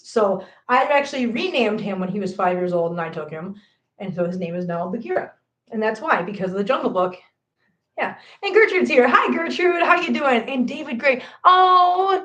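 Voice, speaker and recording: A middle-aged woman hosting a casual live stream, chatty and animated, greeting viewers by name as she chats. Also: on the high side. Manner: chatty and animated, reads viewer comments aloud. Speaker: livestream host. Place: home, indoors. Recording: echoey room.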